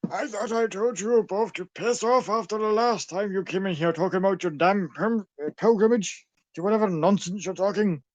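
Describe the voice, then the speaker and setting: A man's voice: high-pitched, normal speed, no room sound, dull audio, lightly acted. A man doing a cranky old shopkeeper. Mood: grumpy. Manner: cranky, shouting at pests. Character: grumpy old male shopkeeper, judgmental and shooing.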